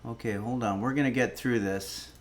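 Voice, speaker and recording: A man's voice: medium pitch, steady tone, normal speed. A man hosting a casual cooking livestream, rambling and wry, swearing when irritated. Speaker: cooking stream host.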